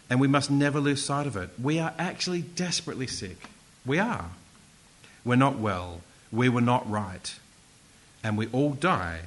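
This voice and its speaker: A man's voice: mid-range voice, fairly bright tone, low-quality recording. A man preaching a sermon, emphatic and conversational, with asides and self-corrections.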